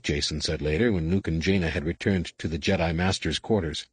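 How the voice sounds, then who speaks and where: Male audiobook narrator, low, steady and even, dry close studio sound. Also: a little fast, husky, no echo. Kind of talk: scripted narration.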